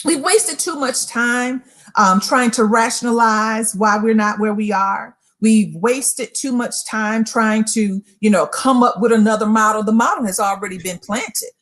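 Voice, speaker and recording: A woman's voice: fairly high pitch, a little slow, a bit bright. A woman giving a preaching-style motivational talk, emphatic and repeating phrases as she addresses listeners directly. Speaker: motivational speaker.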